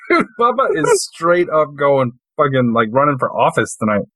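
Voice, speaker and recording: A man's voice: a little high, very animated, normal speed, a bit bright, dry recording. A man playing a tabletop game over a video call, teasing the others and swearing often. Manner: teasing, laughing, lots of swearing. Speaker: player.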